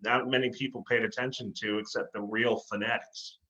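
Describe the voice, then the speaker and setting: A man's voice: fairly low pitch, fairly even intonation, fairly quick, pushed and bright. A man who sings in a tribute band, chatting in an interview as an enthusiastic storyteller. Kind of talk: casual interview chat. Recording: slightly muffled lo-fi sound.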